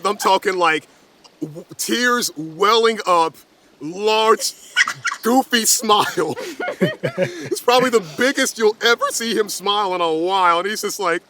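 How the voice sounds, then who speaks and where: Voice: mid-range voice, lively intonation, measured pace, noisy background. A player narrating their character's actions in a tabletop game, laughing and rambling.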